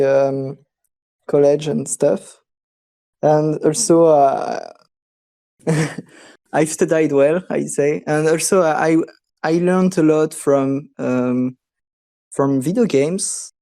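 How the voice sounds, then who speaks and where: A young man, a student, speaking as a podcast guest with many hesitant fillers and soft laughs. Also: on the high side, vocal fry. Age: young adult. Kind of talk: casual podcast chat.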